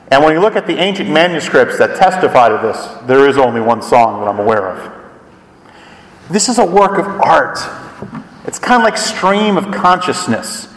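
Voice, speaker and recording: A high-voiced man preaches a sermon, his pitch swinging up and down for emphasis. He sounds a little distant from the mic. A long, roomy church echo hangs behind every phrase. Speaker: pastor. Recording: echoey hall, from far off.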